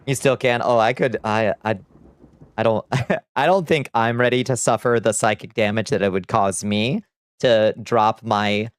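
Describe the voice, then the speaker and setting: Chatty streamer with a smooth, dry voice. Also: male voice, fairly low pitch, fairly even intonation, unhurried, dry recording. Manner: chatty, laughs often, reads out chat. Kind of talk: casual livestream chat.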